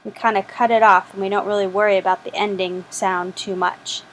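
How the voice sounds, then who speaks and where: A woman's voice: medium pitch, flat delivery, brisk, a little hiss or hum, poor audio. A woman teaching a French lesson, patiently repeating each word for practice. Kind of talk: slow spoken language lesson.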